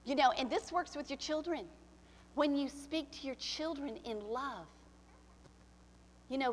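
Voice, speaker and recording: A woman pastor preaching a sermon, swinging from soft, confiding lines to shouted ones and acting out the voices she quotes. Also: mid-range voice, brisk, slight background noise. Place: church sanctuary. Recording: church hall with long reverb.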